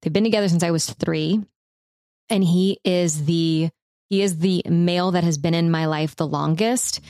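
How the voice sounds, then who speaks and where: A woman in her thirties telling a personal story in a relaxed, rambling way, with lots of fillers as she co-hosts a podcast. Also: on the low side, normal speed, dry recording, clean studio sound. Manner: reflective, rambling with frequent fillers.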